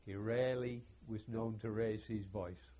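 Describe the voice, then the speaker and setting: Captured on a dull, lo-fi recording, an older man interviewed for an oral history talks about serving in the war. His fairly low, warm voice keeps a fairly even intonation as he speaks in a halting, measured manner, poking wry fun at himself.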